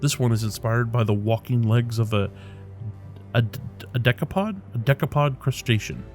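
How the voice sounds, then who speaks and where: A man voicing a cultured, pleasant engineer in a video game, speaking politely in an unhurried, measured way. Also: mid-range voice, fairly even intonation, darkish tone, soft background music, close to an everyday voice. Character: cultured, pleasant middle-aged man, calm drone engineer.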